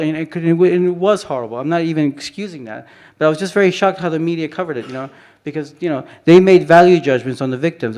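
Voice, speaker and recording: At a conference hall, a photographer speaks fast, with few pauses, in a slightly high, mildly mellow voice. His informal presentation meanders, with repeated restarts and frequent "you know" fillers.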